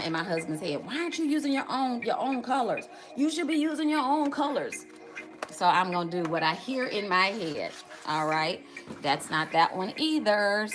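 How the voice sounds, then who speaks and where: A middle-aged woman hosting a casual live makeup tutorial, chatty, greeting viewers by name and calling out to "y'all". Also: mid-range voice. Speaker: makeup livestream host.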